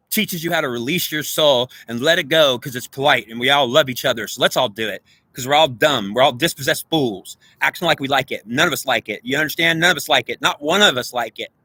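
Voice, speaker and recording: A man rants to camera in a preachy, agitated monologue. His voice is fairly high and bright, and he talks quickly. The sound is close and dry. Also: no echo. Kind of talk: ranting monologue.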